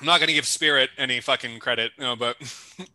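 A man co-hosting a casual podcast, excitable and swearing freely. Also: mid-range voice, fairly quick, slight background noise. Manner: excitable, profane. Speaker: podcast co-host. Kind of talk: casual chat.

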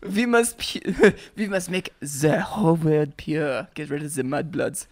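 A campy German voice put on by a podcast host that tacks "yeah" onto every sentence. It sits high and swoops widely. The delivery is slow and drawn out. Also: male voice, huge pitch swings, fairly bright tone, heavily acted.

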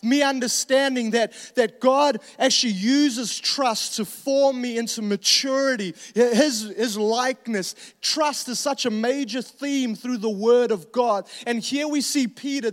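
A man's voice: extremely high pitch, unhurried, in a large hall. A male pastor, preaching a sermon in a conversational way with joking asides and restarts.

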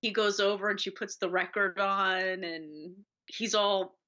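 A woman's voice: mid-range voice, steady tone, unhurried, pushed and bright. A woman co-hosting a casual film podcast, enthusiastic and acting out scenes as she talks. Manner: enthusiastic, acts out movie lines. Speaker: podcast co-host. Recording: dull lo-fi audio.

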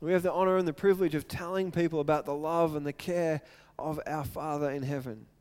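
High-voiced man preaching a sermon. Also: steady tone, fairly quick, darkish tone, clean tone. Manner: earnest, storytelling with acted quotes. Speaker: pastor.

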